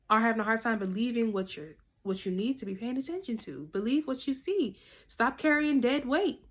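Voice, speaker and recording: A woman with a fairly high voice gives a casual tarot reading to camera. She sounds direct and coaching, with loose slang and the odd curse. She keeps pausing to ask "okay?" as she pushes her listeners to speak up. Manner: salty slang and casual swearing. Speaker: tarot reader.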